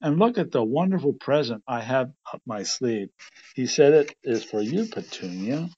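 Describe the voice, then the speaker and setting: A man voicing a friendly, eager young male cartoon pig, polite and excited, in a storybook reading. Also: medium pitch, normal speed, breathy edge, highs cut off.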